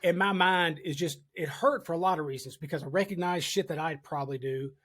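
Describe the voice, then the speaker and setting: A man's voice: a little high, brisk, fairly bright tone. A man hosting a casual podcast, telling a firehouse story in a candid, storytelling way, swearing freely. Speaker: podcast host, firefighter. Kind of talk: casual conversation.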